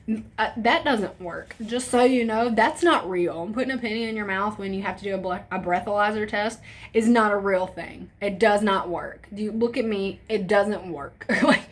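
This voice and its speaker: Young woman doing a storytime vlog, chatty and animated, cusses a lot, does little voices for everyone. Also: mid-range voice, normal speed. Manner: animated, swearing, acts out quotes with voice shifts. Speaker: storytime vlogger.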